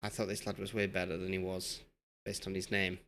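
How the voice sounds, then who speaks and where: A man's voice: low voice, completely flat delivery, brisk, creaky, a bit bright. A young man from Yorkshire chatting casually while live-streaming a football management game and reading chat aloud. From Yorkshire, England.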